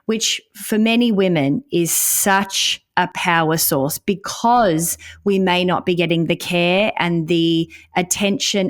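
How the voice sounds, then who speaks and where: A woman hosting a podcast conversation, speaking in an earnest, advocating way. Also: on the low side. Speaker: podcast host.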